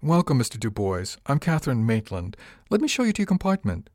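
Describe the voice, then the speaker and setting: A man's voice: mid-range voice, sing-song, a little fast, a little mellow, dry recording, pitched above the performer's own voice, lightly acted. A man voicing a wry, teasing female ship steward in an audiobook reading. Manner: dry, teasing.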